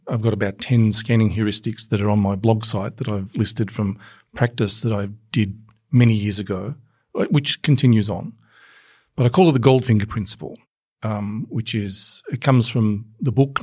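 A man's voice: medium pitch, darkish tone, dry recording, clean studio sound. A man speaking as a guest on a podcast panel, explaining his practice reflectively with anecdotes and maxims. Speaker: futures analyst guest.

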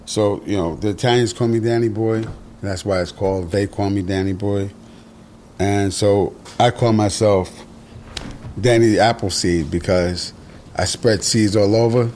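A low-voiced man talks bluntly and steadily as a podcast guest. His delivery is direct and unhurried, with a light background hiss. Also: a little mellow. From New York. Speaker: guest, producer and author. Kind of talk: reflective podcast conversation.

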